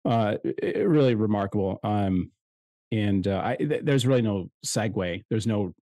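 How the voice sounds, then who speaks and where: A middle-aged man co-hosting a podcast in casual chat, thinking aloud in a reflective, halting way with many restarts. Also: on the low side, warm tone, dry recording. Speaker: podcast co-host.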